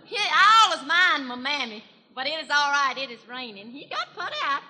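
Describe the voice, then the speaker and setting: A woman playing Minnie Pearl, shrill country gossip gal. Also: lively intonation, normal speed, bright, forceful tone, exaggerated voice. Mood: gossipy. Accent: Southern US rural. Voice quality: folksy, gushing, breathless storytelling. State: has a cold. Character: chatty small-town country gossip gal, young woman. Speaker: comedian. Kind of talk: 1940s radio comedy monologue. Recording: reverberant 1940s radio broadcast from a hall.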